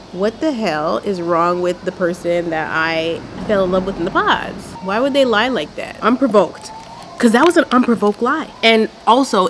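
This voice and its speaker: A woman's voice: medium pitch, slight background noise, low-quality recording. Sassy, blunt young woman doing a recap. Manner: sassy, blunt and outspoken, sprinkling in mild swearing. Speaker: reality show recap vlogger. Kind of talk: casual commentary. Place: at home doing her makeup.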